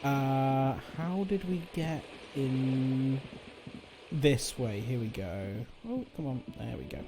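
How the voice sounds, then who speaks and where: A man's voice: medium pitch, takes it slowly, noisy background. A man streaming a video game, chatting casually and thinking aloud, rambling and correcting himself as he goes.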